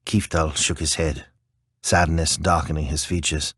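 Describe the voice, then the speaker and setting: Deep, slow male audiobook narrator. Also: steady tone, fairly bright tone, husky, no echo. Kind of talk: scripted fantasy narration.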